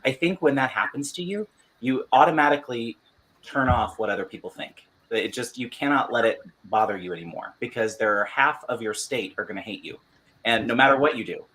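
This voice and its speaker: A man giving frank advice in a casual group chat, his phrasing loose and full of restarts. His voice sits at an ordinary middle pitch. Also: brisk, bright, forceful tone, rough recording.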